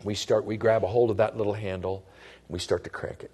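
A male pastor preaching a sermon in an animated way, acting out quiet, whispered voices of the devil and of doubting believers. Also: fairly low pitch, quick pace, slightly rough.

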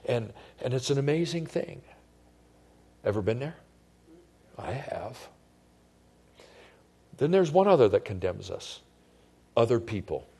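A male pastor preaching with energy, often dropping into soft, whispered asides as he acts out the devil and doubting believers. His voice is husky and sits at a middle pitch. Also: very animated, unhurried, pauses often. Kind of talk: sermon.

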